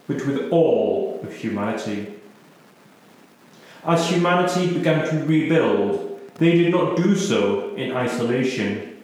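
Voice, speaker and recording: A man narrates in a slow, deliberate, solemn cadence, like reading scripture aloud. His voice sits at an ordinary middle pitch. The recording rings with heavy room echo. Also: darkish tone. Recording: very echoey room.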